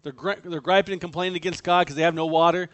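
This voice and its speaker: A man preaches with a high, bright voice, animated and acting out the people he quotes. The sound is dry and close, with no room around it. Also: quick pace, no room sound. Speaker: pastor. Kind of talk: sermon.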